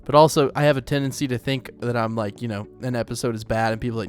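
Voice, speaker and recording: A young man from Oklahoma, speaking with an Oklahoman accent in a mid-range voice, hosts a casual gameplay let's play. He talks quickly with hardly any pauses, chatty, self-deprecating and rambling, while faint music plays behind him.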